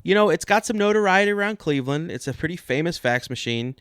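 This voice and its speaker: A man co-hosts a sports podcast with dry, deadpan comedy, laying out absurd ideas as if they were serious. The sound is dry and close, with no room around it. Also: fairly high pitch, fast, clean tone, no room sound. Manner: deadpan, mock-serious delivery. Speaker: podcast co-host.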